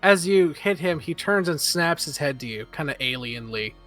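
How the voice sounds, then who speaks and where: A man narrating a tabletop game as game master, relaxed with frequent filler pauses. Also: fairly high pitch, soft background music.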